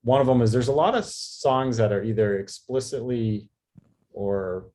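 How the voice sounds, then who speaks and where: A man from New York doing a rambling stand-up set over a video call, halting with many fillers and restarts. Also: medium pitch, a little mellow. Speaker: stand-up comedian.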